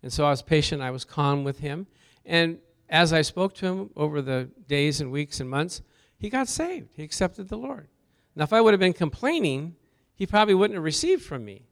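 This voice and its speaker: A man's voice: fairly high pitch, big pitch swings, normal speed. A male pastor preaching a sermon, telling personal stories and asking the congregation questions, with rising emphasis on key words. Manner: storytelling, asks the congregation questions.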